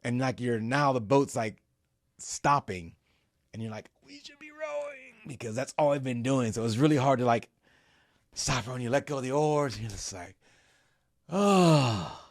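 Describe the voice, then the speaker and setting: A man's voice: mid-range voice, normal speed, no echo, clean studio sound. A middle-aged man telling a story in a casual interview. He talks with open emotion, swears freely and acts out his own reactions as he goes. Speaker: company CEO recounting an ocean row.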